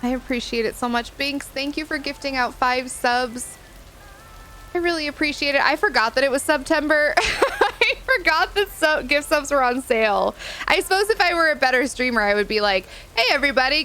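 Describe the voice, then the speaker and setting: A woman's voice: sits high, moderate pace, bright, forceful tone, low-quality recording. A woman streamer chatting casually on a live stream, gushing and giggly, saying y'all as she thanks her viewers. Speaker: livestreamer.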